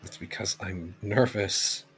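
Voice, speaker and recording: Nervous stammering ember creature, played by a man; low, slow, halting. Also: steady tone, fairly bright tone, soft background music. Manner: stammering, hesitant. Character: shy nervous male ember-and-smoke being.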